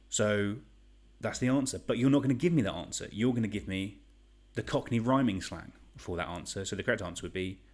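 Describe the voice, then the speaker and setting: Chatty quiz host, lowish voice. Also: male voice. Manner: chatty, rambling, joking. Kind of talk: live online quiz hosting.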